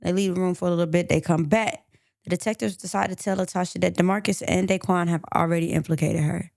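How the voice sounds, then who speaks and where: Woman podcast host telling a crime story, gravelly voice, dry close sound. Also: on the low side, quick pace, no echo. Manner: animated, acts out quotes. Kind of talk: true crime storytelling chat.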